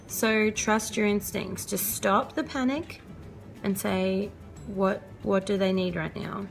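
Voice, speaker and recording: Earnest young mum with gravelly edge. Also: female voice, medium pitch, fairly even intonation, normal speed, faint music behind. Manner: chatty, earnest, laughs often. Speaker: vlogger and mother. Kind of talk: casual parenting advice vlog.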